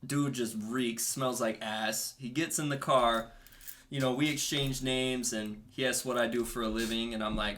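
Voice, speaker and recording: A man's voice: mid-range voice, fairly even intonation, moderate pace, a bit bright, slight background noise. A young man telling a story in casual comedy podcast banter, laughing often. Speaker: podcast guest.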